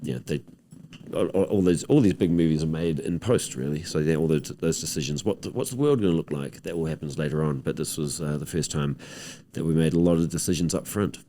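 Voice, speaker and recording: Chatting casually on stage in an interview, a male film director with a New Zealand accent rambles in a relaxed way, cracking deadpan jokes. His voice is very deep and fairly quick.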